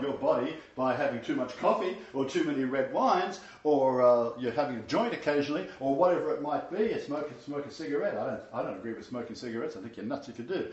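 A man's voice: mid-range voice, darkish tone. A man, teaching a casual sermon as pastor. He is chatty and emphatic, laughs often and uses many fillers. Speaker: pastor leading a Bible study. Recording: roomy, slightly dull lo-fi recording.

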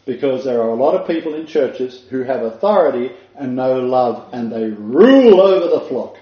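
A man's voice: mid-range voice, lively intonation, normal speed. Older man preaching a sermon. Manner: earnest, emphatic, with asides and laughs. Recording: dull echoey room recording.

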